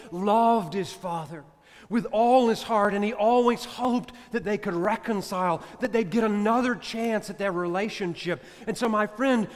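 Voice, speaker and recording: Priest guy preaching, goes loud then real hushed, highish voice, big echoey church. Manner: dramatic shifts from loud to hushed. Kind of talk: sermon storytelling. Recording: reverberant church hall.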